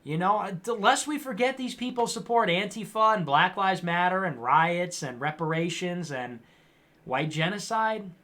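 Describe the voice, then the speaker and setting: Sarcastic guy reading out chat on his stream, kinda high voice, sharp and bright. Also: animated, moderate pace. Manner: sarcastic, mocking. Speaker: livestream host reading viewer comments. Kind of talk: casual political commentary.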